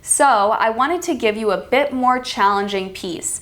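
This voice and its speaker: A woman with an American accent teaching a pronunciation lesson, speaking clearly and stressing words with care. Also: on the high side, unhurried, fairly bright tone. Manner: calls herself extremely sarcastic. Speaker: accent coach. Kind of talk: teaching lesson with read-aloud examples.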